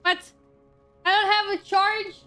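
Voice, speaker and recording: A woman's voice: very high-pitched, level tone, measured pace, sharp tone, faint music behind. A woman streamer chatting casually and giggling with her chat as she plays. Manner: bubbly, giggly, talks to chat. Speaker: game streamer.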